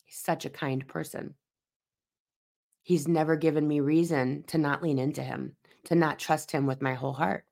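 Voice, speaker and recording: Low-voiced earnest woman host. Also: steady tone, normal speed, vocal fry, darkish tone. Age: 40s. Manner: earnest, emphatic repetition. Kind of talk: personal reflective monologue.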